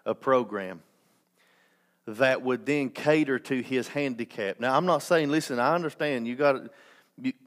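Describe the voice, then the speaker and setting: A male pastor preaching at a midweek church service. He speaks with impassioned conviction, stumbling over his words and restarting, then tossing in joking asides before driving his point home. His voice sits at an ordinary middle pitch for a man. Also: normal speed, a bit bright. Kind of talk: sermon.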